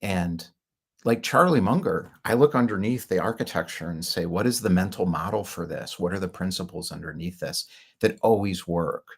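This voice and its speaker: A man's voice: sits low, normal speed, vocal fry, husky. A middle-aged man telling his own business story in a rambling, candid monologue, with fillers and short laughs. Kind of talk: casual monologue.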